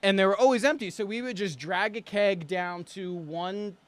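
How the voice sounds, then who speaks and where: A man's voice: sits high, normal speed. A young man telling a wild story with lots of swearing, acting out the quotes and laughing as he goes. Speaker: guest storyteller, singer and producer. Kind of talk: animated anecdote telling.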